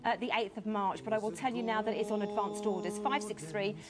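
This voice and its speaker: A woman's voice: mid-range voice, steady tone, fast talker, rough recording. A woman presenting on a shopping channel, chatty, reading out prices and item numbers. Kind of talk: television presenting.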